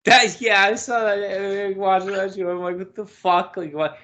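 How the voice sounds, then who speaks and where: Podcast co-host, man, slightly high voice, exasperated, swears freely. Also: moderate pace, pushed and bright. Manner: profane, exasperated. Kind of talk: casual chat.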